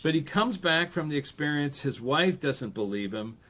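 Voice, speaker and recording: A man guesting on a podcast, talking casually in an animated way. He acts out the voices he quotes and often restarts mid-sentence. His voice sits a little higher than most men's. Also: normal speed. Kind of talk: casual conversational interview.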